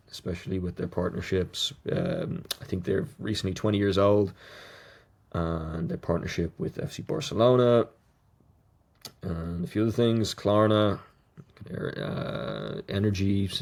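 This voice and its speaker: A man with a low, gravelly voice hosts a solo podcast. He reads through his list item by item and stumbles over unfamiliar words, adding small asides as he goes. His tone is dark and mellow. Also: a little slow. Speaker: podcast host. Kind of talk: solo podcast reading notes aloud.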